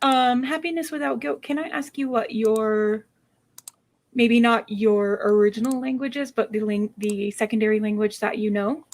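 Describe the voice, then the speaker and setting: Woman, young adult, fairly high voice, animated storyteller, casual chat host. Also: normal speed. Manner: lively storyteller, laughs often, teaches phrases playfully. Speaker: streamer chatting with a co-host.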